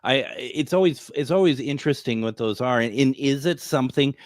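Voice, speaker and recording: A man's voice: medium pitch, brisk, dry recording, clean studio sound. A man hosting a casual radio talk show, chatty and laughing often.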